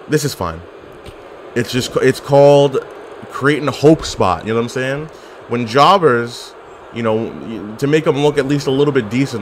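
A man giving casual, excitable commentary while playing a video game, trash-talking and laughing often. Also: mid-range voice, a little hiss or hum. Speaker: gaming commentator.

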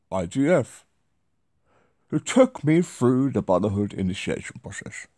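A man's voice: medium pitch, darkish tone, no room sound, clean studio sound, voice pushed up. A man voicing a posh, middle-class old man reading out a message in a pompous, theatrical way.

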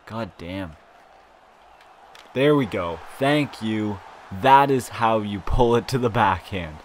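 A young man talks through his own video game match in a lowish, unhurried voice. He mutters and swears when things go wrong and bursts into loud, excited shouts when things go right. This is casual live gameplay commentary. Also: a little hiss or hum. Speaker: gaming YouTuber.

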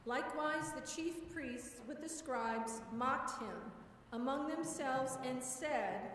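A woman lector reading scripture at Mass in a measured, steady proclaiming manner. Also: high voice, a little hiss or hum. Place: large church. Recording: echoey church from far off.

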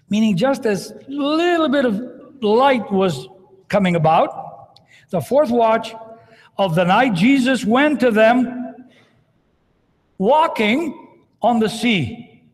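A priest preaching a dramatic sermon in a large cathedral, acting out scripture as he goes. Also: high-pitched. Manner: dramatic, retells scripture with acted quotes. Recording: long cathedral reverb.

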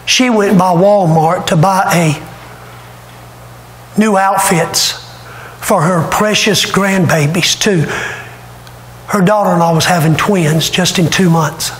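Male pastor, high voice, dramatic sermon storyteller; roomy church sound with faint background noise. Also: slow pace, long pauses. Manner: emotional, dramatic retelling. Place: church sanctuary.

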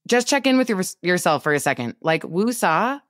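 A woman co-hosting a podcast, giving animated business coaching in a casual chat over a remote call, laughing often. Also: on the low side, moderate pace, dry recording, clean studio sound. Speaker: podcast co-host.

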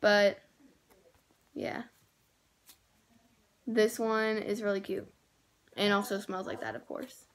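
A woman's voice: mid-range voice, level tone, slow pace, long pauses, slight background noise. A young woman, gushing over toys in a casual vlog and saying "like" and "oh my gosh" a lot. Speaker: vlogger. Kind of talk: excited haul vlog.

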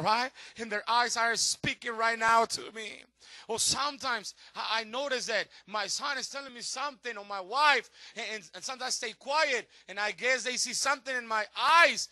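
A middle-aged male pastor preaching a sermon with passion, swinging from shouts to hushed tones, his English a little non-native in grammar. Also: very high voice, no echo.

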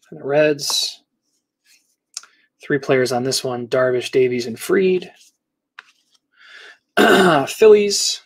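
Man, middle-aged, casual card-break host, reads off names while opening packs, mid-pitched voice. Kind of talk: casual live box break commentary.

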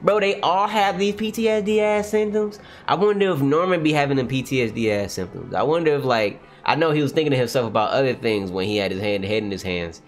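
A man reading a manga aloud on a livestream and reacting, animated, often exclaiming and laughing. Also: medium pitch, fast talker, few pauses.

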